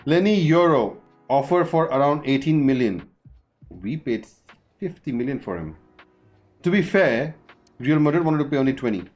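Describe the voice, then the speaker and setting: Guy talking through a football game stream, haggling with players, bit of music under it. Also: medium pitch. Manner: chatty, bargains out loud with game characters. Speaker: gaming streamer. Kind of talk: casual game commentary.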